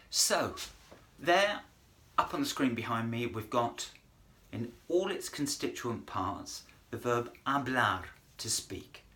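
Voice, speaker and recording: A man's voice: mid-range voice, fairly bright tone. A man teaching Spanish verbs in a video lesson, chatty and encouraging, with self-deprecating humour. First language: English. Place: in front of a whiteboard.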